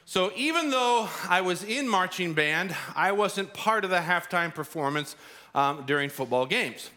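A man's voice: high voice, expressive, unhurried, sharp tone. A man preaching a sermon as pastor, telling a personal story with acted-out quotes. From Arizona.

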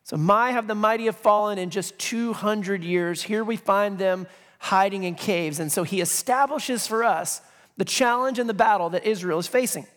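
A male pastor preaches conversationally in a high, fairly bright voice at a normal speed. He reads scripture with emphasis and drops in joking asides, all under the long reverb of a large hall.

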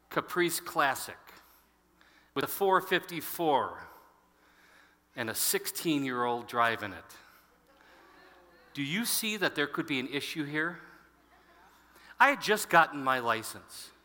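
A man's voice: a little high, slow, long pauses. A pastor in his fifties preaching a sermon to his congregation, telling stories and asking the room questions. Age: 50s. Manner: storytelling, animated, addresses the congregation. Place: large church hall. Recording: long hall reverb.

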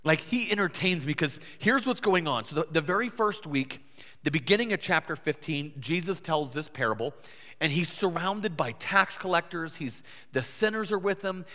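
Animated preacher with a high voice. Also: male voice, normal speed. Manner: animated, acts out listeners' voices with big pitch swings. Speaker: pastor. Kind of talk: sermon. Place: church sanctuary. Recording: reverberant church hall.

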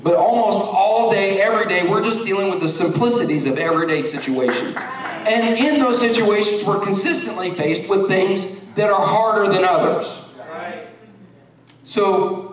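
A middle-aged man preaching a sermon, rambling through stories and then rising into forceful preaching. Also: high-pitched, moderate pace. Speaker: pastor. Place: church sanctuary. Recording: echoey church hall from far off.

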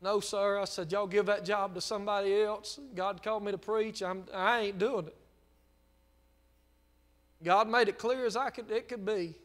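A man from Mississippi with a Southern US accent, preaching a sermon as a pastor and telling folksy personal stories that build into fervent shouting. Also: high-pitched, steady tone, normal speed, long reverb tail. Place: church sanctuary.

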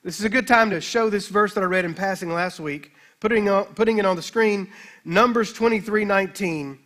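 A man pastor preaching a sermon, emphatic, with slow dramatic scripture readings. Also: high voice, fairly bright tone.

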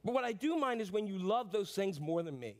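High-voiced animated male pastor. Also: brisk. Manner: animated, rambling, self-mocking sermon with many restarts. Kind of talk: sermon.

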